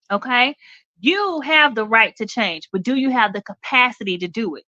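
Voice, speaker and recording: Direct talk show lady, bright and forceful, keeps asking okay?, dry dull audio. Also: a little high, dry recording. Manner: direct, emphatic, checks in with "okay?". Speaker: radio talk show host. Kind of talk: motivational talk.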